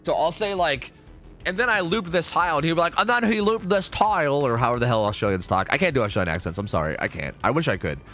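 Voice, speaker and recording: A man's voice: medium pitch, very animated, fast, bright, forceful tone, soft background music. A young American man chatting casually and profanely while streaming a game, reading chat aloud.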